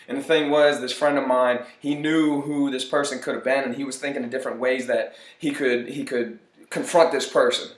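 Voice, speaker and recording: Earnest male motivational speaker, mid-range voice, echoey room. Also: medium pitch. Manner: earnest, repeats phrases for emphasis. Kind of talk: motivational monologue. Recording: roomy echo.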